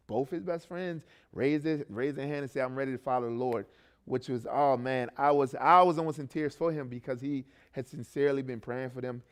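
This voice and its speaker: A man's voice: mid-range voice, clean tone. Conversational man preaching a testimony. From not from Baltimore. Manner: conversational, many fillers and restarts, frequent "right?". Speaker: youth ministry coach. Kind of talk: sermon testimony.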